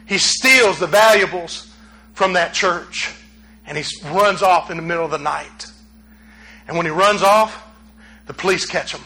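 A man's voice: sits high, unhurried, pauses often, low-quality recording. A man preaching a sermon, telling stories animatedly and acting out quotes. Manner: animated storytelling with acted quotes, rising to near shouts.

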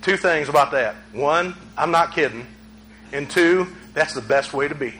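A male pastor, preaching a sermon in a conversational way that climbs to shouts. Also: on the high side, moderate pace, a little hiss or hum, rough recording.

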